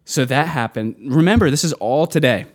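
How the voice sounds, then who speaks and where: A man's voice: a little high, a little fast. A man chatting casually, retelling annoying customer requests from his barista job with exasperation and acted-out dialogue. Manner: exasperated storytelling, acting out customers. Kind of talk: casual chat.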